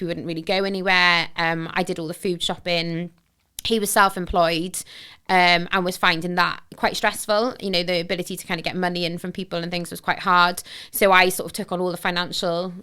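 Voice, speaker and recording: A woman, telling a personal story as a podcast guest. Her voice sits somewhat low yet sounds bright and clear. She talks in a candid, reflective way, full of "sort of" and "you know". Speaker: podcast guest, charity founder.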